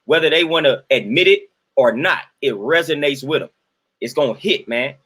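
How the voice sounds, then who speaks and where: A man's voice: on the high side, moderate pace, a bit bright, husky. A man, giving an emphatic, repetitive, sermon-like monologue on his livestream. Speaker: livestream host.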